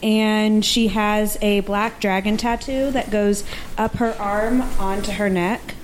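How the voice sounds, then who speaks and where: Slow-speaking woman at the game table. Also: mid-range voice, steady tone, slight background noise, poor audio. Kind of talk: casual in-character introduction.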